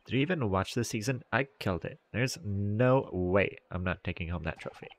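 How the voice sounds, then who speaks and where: A man's voice: fairly low pitch, animated, brisk, close to an everyday voice. A man doing a haughty boastful actress. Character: haughty young female TV actress, self-centred.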